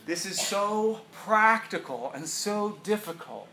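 Man, middle-aged, pastor preaching, joking and animated, somewhat high voice, roomy echo. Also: moderate pace. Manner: animated, joking, laughs often. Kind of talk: sermon. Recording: roomy echo, faint room noise.

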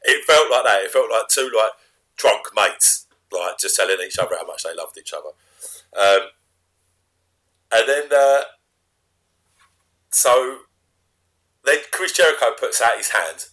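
A man recapping a wrestling show in a rambling way, often trailing off quietly. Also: fairly low pitch, animated, measured pace, long pauses. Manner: rambling recap, drops to a mumble. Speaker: co-host. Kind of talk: casual chat.

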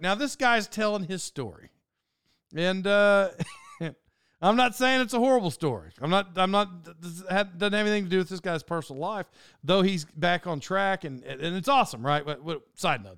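A man's voice: sits high, a bit bright, smooth, no room sound, clean studio sound. A man hosting his own podcast, telling a rambling, self-mocking story and laughing often. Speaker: podcast host. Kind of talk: casual storytelling monologue.

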